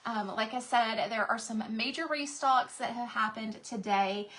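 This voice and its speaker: A woman's voice: on the high side, a little slow, fairly bright tone. A woman with a Texas accent hosting a casual craft livestream from her craft room, chatting with viewers and greeting them by name.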